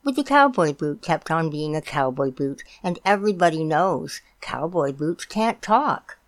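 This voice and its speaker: A woman reading a children's picture book aloud, gently explaining things for young listeners. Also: low voice, lively intonation, unhurried. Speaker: storytime reader.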